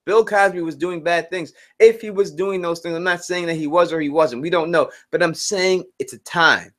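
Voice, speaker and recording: A man's voice: on the high side, moderate pace, a bit bright. A man hosting a live stream Q&A, talking earnestly, repeating points and restarting sentences as he explains his view. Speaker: channel host.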